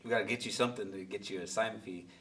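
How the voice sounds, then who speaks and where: Man, meetup host, low voice, fast and blunt, off-mic in a room. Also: steady tone, fairly bright tone, recorded from a distance, a little hiss or hum. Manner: fast, blunt, repeats himself, jokes with the group. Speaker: meetup host coaching new investors. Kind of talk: live coaching Q&A in a meeting room.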